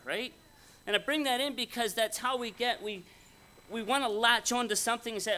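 A man's voice: very high voice, fairly even intonation, normal speed, pushed and bright. A man preaching a conversational, folksy sermon at a Bible conference, often asking his audience questions. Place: conference hall before an audience.

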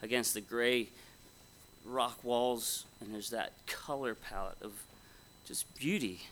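A man's voice: mid-range voice, slow, a bit bright, slight background noise. A man preaching a conversational, folksy sermon at a Bible conference, often asking his audience questions. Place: conference hall before an audience.

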